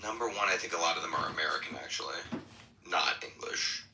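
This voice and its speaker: A man with a very low, strikingly bright, edgy voice chats casually, swearing and laughing as he goes. The room is echoey and there is faint noise underneath. He talks like a podcast co-host bantering with friends. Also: fast talker. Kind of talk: casual chat. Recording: roomy echo, faint noise.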